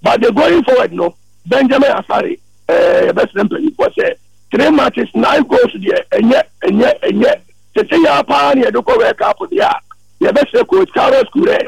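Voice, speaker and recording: A man calling in to a sports radio show, talking at length in an animated, rambling way. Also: very high-pitched, normal speed, gravelly, husky, dry recording, rough recording. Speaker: caller. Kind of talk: call-in sports radio chat.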